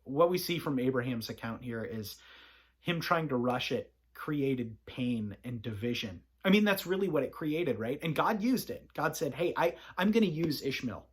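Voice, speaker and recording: Soft-spoken husky father. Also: mid-range voice, lively intonation, normal speed. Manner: soft-spoken, gentle, reflective. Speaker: father reading scripture to his child. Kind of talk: bedtime Bible reading and reflection.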